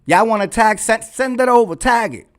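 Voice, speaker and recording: This man's voice is extremely high and a bit bright, moving at normal speed. As host of his own vlog, he fires off a profane rant into a red microphone, driving phrases home through repetition.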